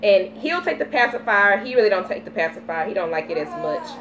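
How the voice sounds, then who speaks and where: A woman in her thirties with a Southern US accent, chatting casually on a live vlog, telling stories with lively baby talk. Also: mid-range voice, quick pace, background noise. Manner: animated storytelling with playful baby talk. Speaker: vlogger.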